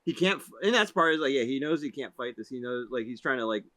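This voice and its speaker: A young man speaks as a guest on a casual movie podcast. He picks his words haltingly and restarts often. His pitch is middle and the sound is close and dry. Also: expressive, sharp tone, dry recording. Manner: halting, many fillers and restarts. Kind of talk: casual movie review chat.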